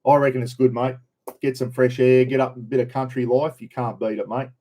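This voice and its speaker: A middle-aged man from Queensland with a broad Australian accent, hosting a laid-back livestream. He rambles from one thought to the next and greets his viewers by name. His voice sits at an ordinary, middle pitch. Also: flat delivery, fairly quick, mellow. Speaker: livestream host. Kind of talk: casual livestream chat.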